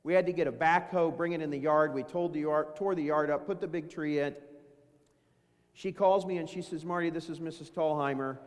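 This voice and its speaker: A man's voice: on the high side, steady tone, moderate pace. Folksy man speaking in a reverberant hall. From Dayton, Ohio. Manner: folksy storytelling, self-deprecating asides. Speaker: keynote speaker. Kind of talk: motivational business talk. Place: large event hall.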